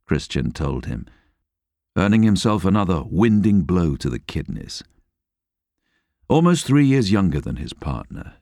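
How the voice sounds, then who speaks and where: A man reading a novel aloud as an audiobook narrator, expressive and measured. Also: low-pitched, gravelly, no echo, studio quality. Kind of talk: scripted narration.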